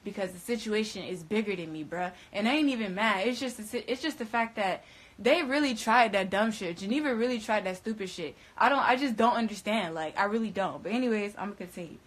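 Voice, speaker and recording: A young woman telling a story to her viewers in casual, slangy, profane speech, swinging between loud, high outbursts and low, quiet stretches. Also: fairly quick, poor audio. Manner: emphatic, slangy and profane, with frequent restarts. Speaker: storyteller recounting events.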